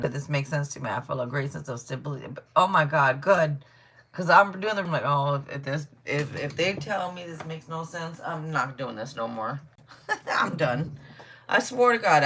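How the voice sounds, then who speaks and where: A middle-aged woman chats her way through a live tarot reading, blunt and unfiltered with plenty of laughter. Her voice sits a little low, but her pitch swings widely as she talks. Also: fairly bright tone. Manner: chatty, blunt, swears freely, laughs often. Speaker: tarot reader. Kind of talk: casual live-stream reading chat.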